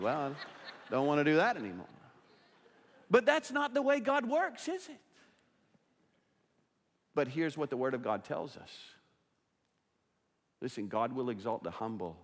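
A man preaching a sermon as pastor, emphatic and dropping his voice low for quoted figures. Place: church sanctuary. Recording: long church reverb.

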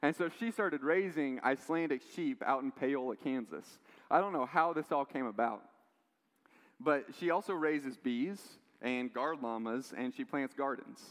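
A man's voice: mid-range voice, normal speed. Man preaching with storytelling energy in a reverberant hall. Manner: animated storytelling with quoted voices and asides. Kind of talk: sermon.

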